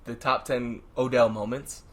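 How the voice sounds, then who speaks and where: A young man in casual sports talk, pitched right in the middle of the male range. He jokes, laughs easily and throws in quick asides as he co-hosts. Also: level tone. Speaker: podcast co-host.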